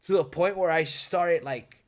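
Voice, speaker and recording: A young man co-hosting a podcast, telling a story in casual chat, animated and swearing often, acting out his screams. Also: on the high side, measured pace. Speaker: podcast co-host.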